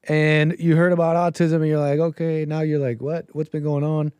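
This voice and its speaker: A man's voice: fairly high pitch, little pitch movement, normal speed, a little mellow, clean tone, no room sound. A man hosting a casual commentary livestream, sarcastic and often laughing. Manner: sarcastic, keeps breaking into laughter. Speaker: livestream host.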